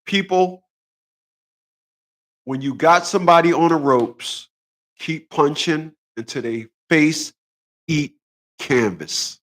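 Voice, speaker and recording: Talking slowly with long pauses, this man hosts his own channel in a fairly high, fairly bright voice. His casual boxing monologue is combative and full of profanity, and he repeats phrases again and again to drive points home.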